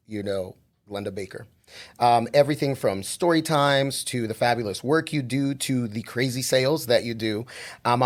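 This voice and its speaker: A man hosting an interview podcast, introducing his guest with enthusiasm and frequent "you know" fillers. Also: mid-range voice. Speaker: podcast host.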